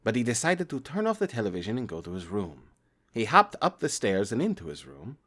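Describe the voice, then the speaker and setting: A man's voice: mid-range voice, wildly swooping pitch, a little fast, fairly bright tone, slightly rough. A man reading a horror story aloud in plain first-person storytelling, stumbling now and then. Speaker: creepypasta narrator.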